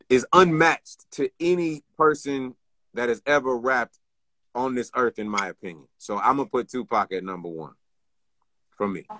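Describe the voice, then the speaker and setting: A man in a casual interview speaks in a bright, clear voice with a dry, close sound. He answers in a thoughtful, laid-back and friendly way over a video call. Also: medium pitch, dry recording. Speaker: guest.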